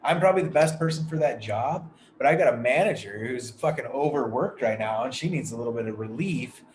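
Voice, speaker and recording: A man's voice: medium pitch, animated, fairly quick. Podcast guy rambling through a story, swears nonstop, echoey room with a little hiss. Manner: rambling, heavily profane storytelling. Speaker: podcast host. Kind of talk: casual storytelling chat. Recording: echoey room with faint noise.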